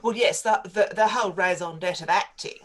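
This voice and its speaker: A woman's voice: medium pitch, brisk, a bit bright. Aussie woman pundit on talk radio, opinionated, talks in long flowing points. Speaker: political commentator. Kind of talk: studio interview on talk radio.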